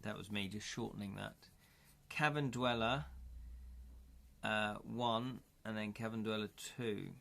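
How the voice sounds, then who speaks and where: A man's voice: fairly low pitch, fairly even intonation, unhurried, gravelly, long pauses, pushed and bright. A man chatting casually on a live stream as he plays through a gamebook, thinking aloud and correcting himself as he counts up dice rolls.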